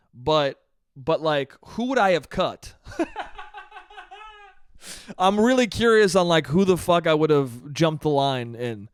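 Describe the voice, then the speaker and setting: A man ranting on his own show, exasperated and swearing freely, with a fairly high voice. His voice comes through smooth and clear in a dry, close setting. He drops into flat, deadpan impressions of the people he complains about. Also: no echo. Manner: exasperated, profane, mimics others in flat voices. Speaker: podcast host. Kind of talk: solo comedic rant.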